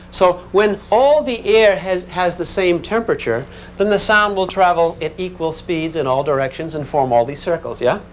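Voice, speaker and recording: A man teaching a physics class in a classroom, talking in a relaxed, conversational way and checking in with his students. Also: fairly high pitch, a little hiss or hum. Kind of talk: classroom lecture.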